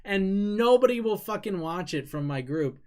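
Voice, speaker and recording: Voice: mid-range voice, expressive, normal speed, darkish tone. An adult with an American accent chatting casually on a live stream, candid and rambling, swearing freely and laughing often while reading chat.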